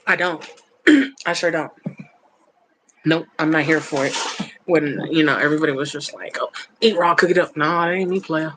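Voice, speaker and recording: A woman's voice: sits low, normal speed, long pauses, background noise. A woman hosting a livestream, chatting casually with her viewers in a playful, blunt and teasing way, laughing often. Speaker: livestream host reading chat. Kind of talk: casual chat.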